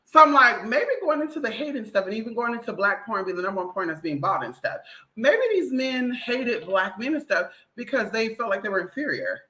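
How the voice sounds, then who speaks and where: A brash woman vlogger holding forth in a loud, swearing monologue, her pitch swinging up and down as she mimics people. Her voice is bright and sharp, and it rings around a roomy, echoing space. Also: fairly quick. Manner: blunt, profane, animated, mimics others. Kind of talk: casual opinionated monologue.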